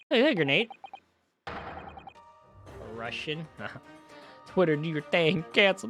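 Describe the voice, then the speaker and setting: Animated male streamer. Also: high-pitched, unhurried, long pauses, faint music behind. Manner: apologetic, joking, animated. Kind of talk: casual gameplay commentary.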